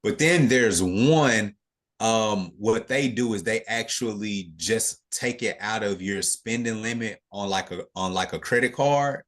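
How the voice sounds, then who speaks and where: Over a video call, a man runs a live online investing class, answering questions in a relaxed style full of fillers and restarts. His voice is fairly low and unhurried.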